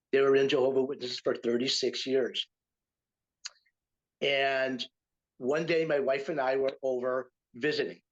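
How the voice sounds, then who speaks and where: An older retired teacher and writer from Utica, in upstate New York, tells a story during a casual interview, with plenty of fillers and restarts. His voice is mid-range, and the recording has its highs cut off.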